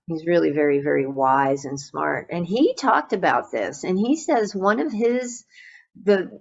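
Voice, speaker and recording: Meditation teacher, woman, low gravelly voice, gentle dharma talk, dull lo-fi sound. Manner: gentle, reflective, with frequent fillers and restarts.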